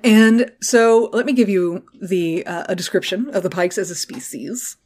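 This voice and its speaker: A woman co-hosting a podcast, recapping a show in casual, animated chat with sarcasm and swearing. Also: medium pitch, normal speed. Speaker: podcast co-host.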